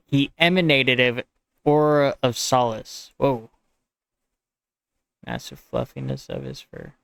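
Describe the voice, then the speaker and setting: An American man reads his own draft aloud and chats with his viewers. His voice is smooth and even, recorded dry and close. He rambles easily and stops mid-sentence to fix his wording. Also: medium pitch, no echo. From United States. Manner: rambling and conversational. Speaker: streamer and writer.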